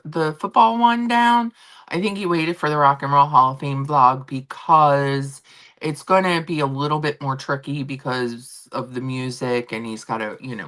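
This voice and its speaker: A woman with a low voice chats on a home stream, her pitch swinging widely as she tells stories. She rambles through everyday news and acts out what people said. The sound comes through a laptop and phone setup. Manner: chatty, animated storytelling with acted-out quotes. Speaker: streamer host. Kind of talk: casual chat.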